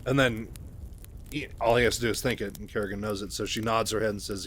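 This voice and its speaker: Chatty low-voiced male storyteller. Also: steady tone, quick pace, fairly bright tone, a little hiss or hum. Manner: chatty with fillers and asides. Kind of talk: casual book retelling.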